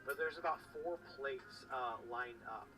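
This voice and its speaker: A game master narrating a tabletop game, animated and full of fillers. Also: medium pitch, a little slow. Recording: distant mic with faint background music.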